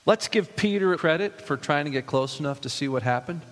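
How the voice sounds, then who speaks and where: A man's voice: on the high side, animated, brisk. Man preaching in a reverberant hall. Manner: reads scripture then reflects with rhetorical questions. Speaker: pastor. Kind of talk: sermon.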